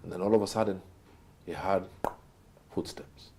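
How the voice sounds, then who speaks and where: A man, a guest telling motivational stories with a dramatic delivery that swings from loud to hushed. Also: low voice, steady tone, quick pace, a little hiss or hum. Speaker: guest speaker. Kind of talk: motivational storytelling.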